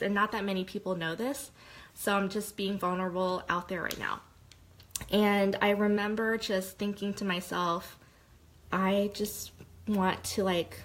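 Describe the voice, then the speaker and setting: A woman's voice: medium pitch, a bit bright, low-quality recording. Young woman, mid-height voice, open and heartfelt testimonial, chatty and rambling. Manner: candid, heartfelt, rambling with lots of "like". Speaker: direct-sales consultant. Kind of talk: personal testimonial monologue.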